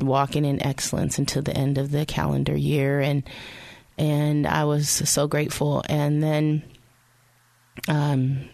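A woman's voice: sits low, gravelly, dry recording. A woman hosting a radio show, telling a personal faith story in a chatty way and speaking straight to her listeners. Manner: chatty, addresses listeners directly.

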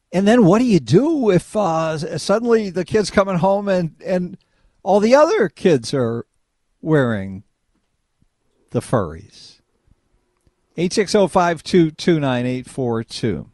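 Animated New radio host. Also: male voice, fairly high pitch, a little slow, no room sound, studio quality. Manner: animated, rambling, conversational. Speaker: radio talk show host. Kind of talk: call-in radio talk. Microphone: studio microphone.

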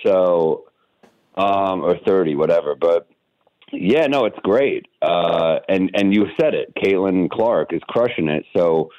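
A man who is a comedian guest, telling wry, lively anecdotes on a radio podcast, with quoted asides. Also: low voice, slow pace, no echo, dull audio. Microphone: studio microphone.

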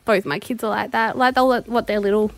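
A woman's voice: mid-range voice, steady tone, brisk, dry recording. A woman from South Australia, giggly and modest, chatting emotionally on the radio as a contest winner.

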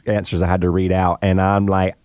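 A man on a casual radio show, deadpan and quick with one-liners. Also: low voice, clean tone, dry recording.

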